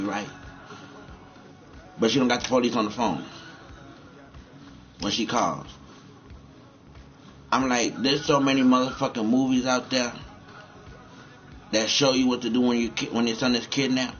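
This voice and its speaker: A man's voice: mid-range voice, normal speed, long pauses, a bit bright, highs cut off, faint music behind. A man rambling and cursing as he comments on a game he is playing, often repeating himself. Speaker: gamer.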